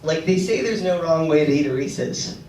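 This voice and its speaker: A man's voice: a little high, lively intonation, normal speed, a little mellow. Sick young man ranting on a stage. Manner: rambling, crude, rant-like delivery. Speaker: stand-up comedian. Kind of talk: stand-up set. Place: comedy club stage. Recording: echoey room from far off, noisy audience recording.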